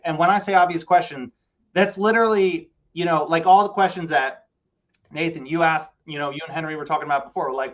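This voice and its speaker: A man co-hosting a casual coaching call, talking in an animated way and acting out phone calls. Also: on the high side, muffled recording. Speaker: co-host.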